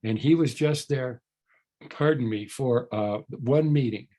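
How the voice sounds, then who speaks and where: A man's voice: medium pitch, unhurried, warm tone. Older man telling a rambling story. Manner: rambling, repeats words and restarts, earnest. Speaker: workshop speaker. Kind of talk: storytelling talk at a recovery workshop.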